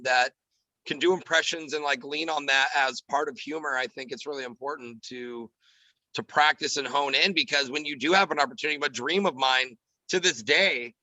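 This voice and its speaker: A man talking quickly and with animation in a casual podcast chat, a comedian and radio host. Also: on the high side, no echo, rough recording. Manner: animated, quick, drops into character voices.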